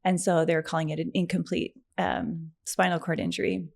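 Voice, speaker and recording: A middle-aged woman appears as a podcast guest, telling a personal story in a chatty, animated way with many fillers and frequent laughs. Her voice is fairly low, fairly quick, and creaky.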